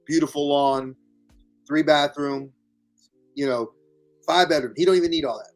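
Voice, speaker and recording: A man from New York hosting a casual live chat, animated and quick, often repeating words as he jumps in. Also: on the high side, faint music behind. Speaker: livestream host.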